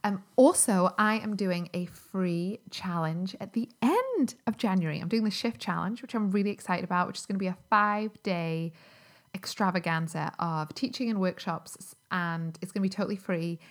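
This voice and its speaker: A woman's voice: medium pitch, normal speed. A woman, hosting a solo podcast as a health coach, talking in a chatty, upbeat way with many fillers. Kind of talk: casual solo podcast talk.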